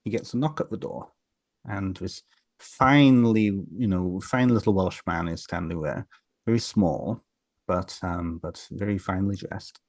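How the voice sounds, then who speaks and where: A man's voice: low-pitched, measured pace, darkish tone, no room sound. A man, a podcast guest, casually telling folk tales in a rambling way with many fillers and restarts. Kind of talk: casual storytelling in an interview.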